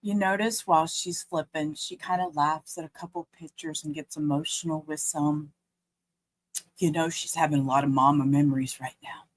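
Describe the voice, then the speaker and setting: A woman comments live on a trial stream and talks to her viewers in a chatty, empathetic way. Her voice sits on the lower side. There is a faint noise under her speech. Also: steady tone, normal speed.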